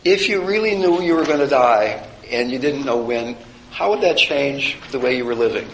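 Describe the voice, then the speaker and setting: A man's voice: mid-range voice, animated, normal speed. A man giving an informal classroom lecture, reflective and conversational with wry humor. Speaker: teacher of a chaplaincy course. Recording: roomy with faint background noise.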